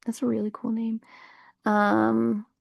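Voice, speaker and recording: A woman's voice: a little high, monotone, slow pace, creaky, dry recording, clean studio sound. A woman hosting a casual livestream outdoors, rambling through spiritual musings with lots of fillers. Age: adult parent. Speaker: livestream host. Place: outdoors on a warm day.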